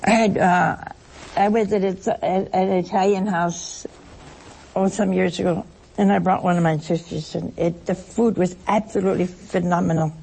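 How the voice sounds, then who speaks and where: A woman's voice: fairly low pitch, fairly even intonation, normal speed, vocal fry, warm tone, husky. A woman giving a conversational sermon to her listeners, telling stories and often laughing as she talks. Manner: chatty storytelling, laughs through her anecdotes. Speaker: religious speaker addressing listeners.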